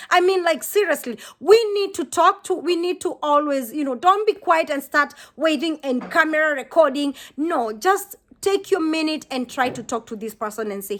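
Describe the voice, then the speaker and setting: High-voiced woman giving an impassioned vlog talk. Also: expressive, normal speed, hardly any pauses, fairly bright tone. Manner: impassioned, preachy, repeats herself. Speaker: vlogger. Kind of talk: earnest vlog monologue.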